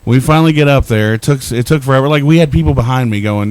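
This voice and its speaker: A man's voice: medium pitch, fast, few pauses, dry recording. A middle-aged man co-hosting a podcast, telling a rambling, profane, self-deprecating story in casual chat. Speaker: podcast co-host.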